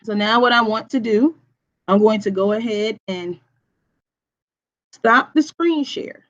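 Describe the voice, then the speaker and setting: A woman teacher giving a recorded online lesson. She has a projecting voice and speaks deliberately, checking in with "okay?" after each point. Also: fairly high pitch, expressive, a bit bright, muffled recording. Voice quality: voice projects strongly.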